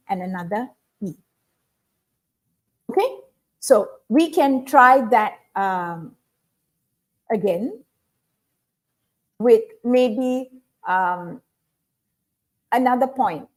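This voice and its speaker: A woman's voice: on the high side, a little mellow. A woman teaching speech skills in an online webinar, explaining step by step and often saying "okay". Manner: instructive, repeats key points, frequent "okay".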